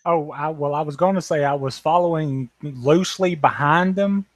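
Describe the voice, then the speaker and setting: A man's voice: a little high, moderate pace. Stumbling man restarting his sentences. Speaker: player.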